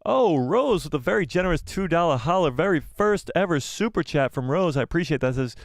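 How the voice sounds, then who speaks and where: A man hosting a casual live stream, animated and self-deprecating, who laughs often. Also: on the high side, quick pace, few pauses, dry recording, clean studio sound. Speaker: livestream host.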